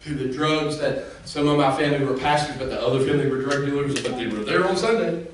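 His voice medium in pitch and quick, a man serving as senior lead pastor preaches to his congregation with impassioned cadence. The far-off, echoey room recording carries a little hiss or hum.

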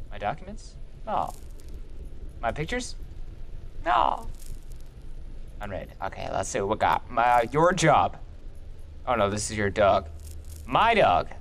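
A young man doing let's play commentary, goofy and joking, swearing as he plays. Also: medium pitch. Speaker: gaming youtuber.

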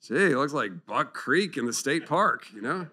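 A man giving an animated, jokey talk on scripture at a clergy retreat, acting out the figures in playful voices. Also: mid-range voice, moderate pace, slightly rough. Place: conference hall.

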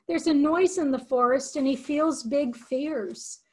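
An older woman teaching from a picture book, reading slowly and expressively and pausing to explain words. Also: high-pitched. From United States. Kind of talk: read-aloud lesson for educators.

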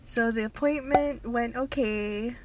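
A woman's voice: fairly high pitch, slow, noisy background. A woman, chatting casually and teasingly for a vlog from a car. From Hawaii. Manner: relaxed, giggly, teasing. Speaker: vlogger.

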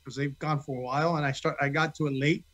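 A man, an actor being interviewed, chatting casually and telling animated stories. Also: fairly high pitch, fast. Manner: animated storyteller, restarts phrases.

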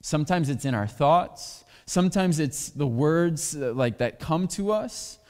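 A pastor preaching in a reverberant hall. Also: male voice, fairly high pitch, lively intonation, measured pace, darkish tone. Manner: candid, personal storytelling. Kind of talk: sermon. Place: church sanctuary.

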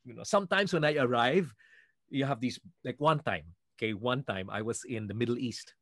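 A man from the Philippines, a guest singer, telling stories in a lively way and acting out what others said. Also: mid-range voice, moderate pace, no room sound, clean studio sound. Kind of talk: animated storytelling.

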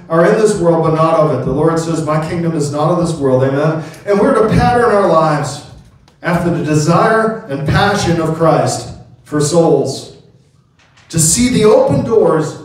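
Pastor guy preaching, kinda high voice, tons of echo, mic far off. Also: a little mellow. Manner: storytelling preacher, calls out amen to the congregation. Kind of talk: sermon. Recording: very echoey hall, mic from a distance.

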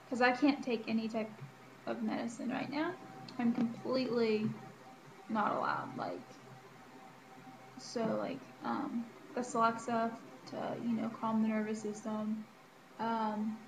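A woman's voice: on the high side, gravelly. A young woman giving a casual personal health update, chatty with lots of ums and likes. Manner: chatty, frequent ums and likes, laughs between remarks. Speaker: vlogger. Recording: echoey room with faint ambient noise.

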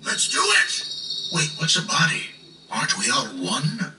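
A giddy bodiless brain. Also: male voice, fairly high pitch, unhurried. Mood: eager. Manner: wildly swinging, excitable, giggly. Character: disembodied brain, giddy, confused, grandiose man. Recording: echoey, distant, with noisy ambience.

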